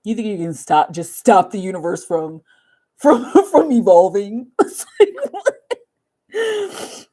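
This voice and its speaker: A woman's voice: mid-range voice, expressive, takes it slowly, pauses often, warm tone, breathy edge. A young woman hosting a tarot livestream, chatting casually to viewers in a rambling way, laughing often and saying "like" a lot. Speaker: tarot reader livestream host.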